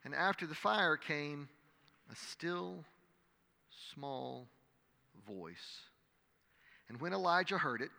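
A man preaching a sermon, reading scripture dramatically and crying out the quoted prayers loudly. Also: fairly high pitch, vocal fry. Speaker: pastor. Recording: long hall reverb.

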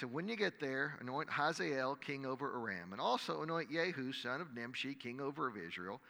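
A man preaching a sermon, reading scripture dramatically and crying out the quoted prayers loudly. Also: a little high, vocal fry. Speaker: pastor. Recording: long hall reverb.

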